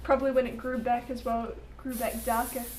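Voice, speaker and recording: A woman's voice: a little high, flat delivery, brisk. A woman in her twenties with a New Zealand accent, a salon client chatting easily and giggling. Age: 20s. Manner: giggly, easygoing. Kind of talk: casual chat. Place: hair salon, indoors. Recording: echoey salon with hair dryer noise.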